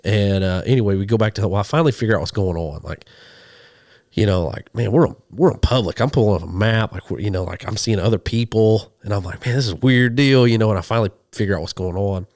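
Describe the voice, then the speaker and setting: A man, a podcast guest telling a hunting story in a casual, animated way and acting out the people he quotes. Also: on the low side, quick pace, no echo, clean studio sound. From western Oklahoma. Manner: animated, acts out quoted voices. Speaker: guest, hunting show host and minister.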